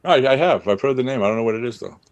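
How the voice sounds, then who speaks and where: A man in his fifties hosting a casual livestream chat, bantering with profanity and loud outbursts over a video call. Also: mid-range voice, lively intonation, rapid-fire, muffled recording. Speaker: host.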